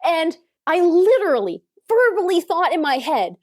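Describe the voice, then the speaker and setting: A young woman from Iowa tells stories as a guest in a casual interview. Her voice is high and swings widely in pitch. She laughs often and slips into the voices of the people she describes. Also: sing-song, moderate pace. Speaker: podcast guest.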